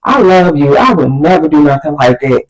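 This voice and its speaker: A woman voicing her defensive, smooth-talking teen boyfriend, in slangy pleading protests. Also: sits low, lively intonation, normal speed, rough recording.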